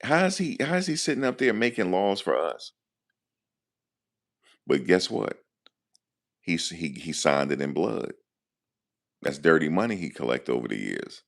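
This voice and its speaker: A very animated livestream host with a deep, creaky voice speaks at normal speed, leaving long pauses. He's loose and joking, offering casual commentary and responding to viewers in chat.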